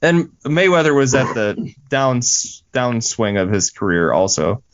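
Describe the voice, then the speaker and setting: A man's voice: mid-range voice, big pitch swings, a little slow. A man hosting a podcast, asking questions and steering the discussion in a casual chat. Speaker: podcast host.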